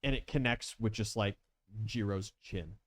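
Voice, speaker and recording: A man's voice: lowish voice, unhurried, dry recording. A man narrating as game master in a tabletop game, casual and chatty with lots of fillers.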